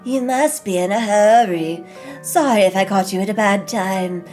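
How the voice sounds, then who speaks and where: A woman voicing a nervous, creepy male pastor in a game, speaking slowly in a hushed, unsettling way. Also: mid-range voice, soft background music, close to an everyday voice.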